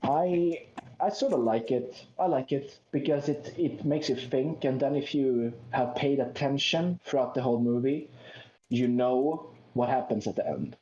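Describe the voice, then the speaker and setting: Man, casual chat, insistent, step-by-step explaining, mellow voice, muffled lo-fi sound. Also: mid-range voice, expressive, a little slow. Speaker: co-host. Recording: dull lo-fi mic.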